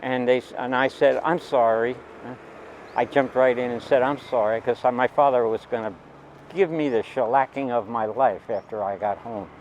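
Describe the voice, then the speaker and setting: Older American man, halting anecdotal storyteller, mid-pitched. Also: a little mellow, a little hiss or hum, rough recording. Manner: rambling, halting, with many restarts. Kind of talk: personal anecdote.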